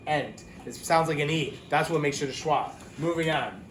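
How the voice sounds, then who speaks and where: Male teacher, casual phonics lesson, slightly higher voice, light room hiss. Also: a bit bright. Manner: chatty, explains with quick asides and self-corrections.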